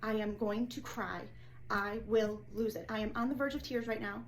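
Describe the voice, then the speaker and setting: A woman's voice: medium pitch, fairly even intonation, moderate pace, a crowd in the background, poor audio. A woman venting in an agitated monologue, retelling a workplace clash and acting out every line of dialogue. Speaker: former assistant assessor. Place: indoors, filmed herself.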